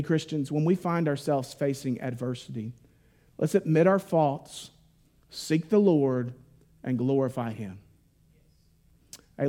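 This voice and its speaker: A man's voice: on the high side, darkish tone. A man preaching a sermon as pastor, with impassioned, rising and falling delivery and direct appeals to the congregation.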